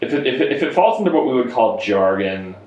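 A man co-hosting a podcast in casual chat, quick with asides and laughing easily. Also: mid-range voice, very animated, lo-fi sound, crowd noise. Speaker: podcast co-host. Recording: echoey room.

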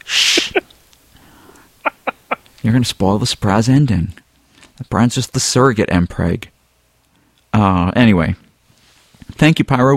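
Low voiced guy chatting on a podcast, relaxed, reads emails, dry mic. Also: no room sound. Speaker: podcast co-host reading listener email. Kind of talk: casual chat.

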